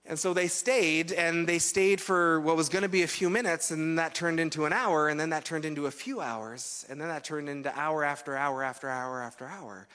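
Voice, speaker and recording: A man's voice: on the high side, moderate pace, fairly bright tone, big-room sound. A man preaching a sermon as pastor, telling a story in a loose, conversational way with fillers and restarts.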